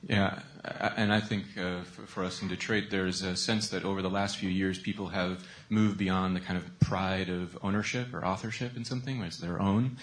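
A male panelist answering in a panel discussion, halting, with many "uh"s and restarted phrases. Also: low voice, steady tone.

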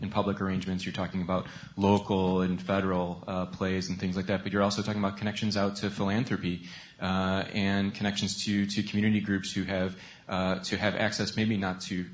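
A male panelist answering in a panel discussion, halting, with many "uh"s and restarted phrases. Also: sits low, flat delivery.

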